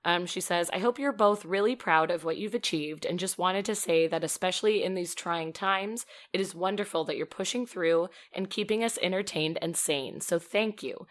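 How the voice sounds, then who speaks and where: Chatty woman podcast host, lowish voice. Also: moderate pace, hardly any pauses. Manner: chatty and expressive, laughs often. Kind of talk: casual chat, reading a listener email aloud.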